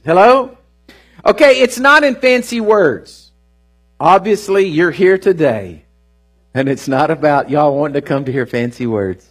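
A man delivering a church sermon in a high, husky voice. He preaches earnestly, repeating phrases and tossing out "hello?" to the congregation. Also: lively intonation, moderate pace. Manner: call-and-response preaching with "hello?" asides; earnest, repeats words for emphasis. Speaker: pastor. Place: church service.

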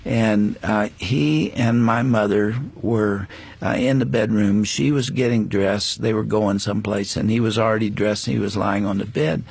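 An older man, a guest on a faith interview show, telling a personal story in an earnest, reflective way with frequent pauses and restarts. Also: lowish voice, steady tone, vocal fry, darkish tone, breathy edge.

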